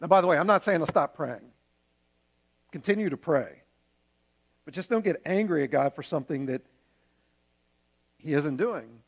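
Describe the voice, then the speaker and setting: A man's voice: fairly high pitch, lively intonation, moderate pace, gravelly, pauses often. A man preaching a sermon as a pastor, earnest and conversational, using homely examples.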